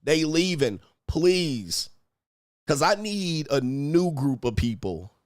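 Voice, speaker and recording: A man's voice: fairly high pitch, sing-song, slow, no room sound, clean studio sound. A man hosting a live stream, delivering an angry, profane rant full of insults and scornful laughter.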